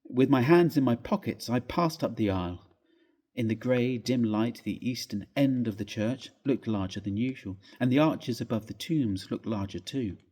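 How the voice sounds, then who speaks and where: A man narrating a classic ghost story as a dramatic reading in a church, hushed and suspenseful, with long pauses. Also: medium pitch, breathy edge.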